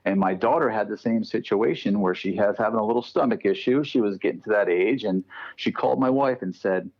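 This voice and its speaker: Captured in a muffled recording, a man with a lowish voice guests on a podcast as a paranormal researcher. He tells his stories in a relaxed, animated way, performing the voices of the characters involved.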